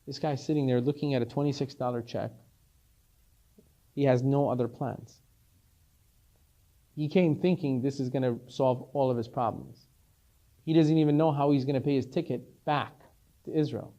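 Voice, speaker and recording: A man, a rabbi, telling a story in a sermon, animated and repeating words as he stresses them. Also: medium pitch, normal speed, pauses often, lo-fi sound.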